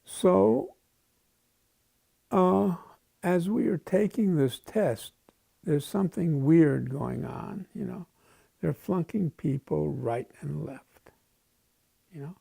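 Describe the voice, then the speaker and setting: A man's voice: on the high side, takes it slowly, gravelly, long pauses, warm tone, breathy edge, no room sound. A man in his eighties from the United States, telling wry, wandering stories in a casual interview. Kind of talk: casual storytelling.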